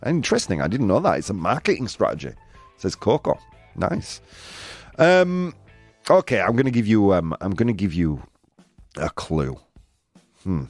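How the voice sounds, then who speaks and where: A man's voice: medium pitch, darkish tone. A man hosting a live quiz game with his audience, reading out their answers in a playful way and laughing often. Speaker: host. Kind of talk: live-stream game show with chat.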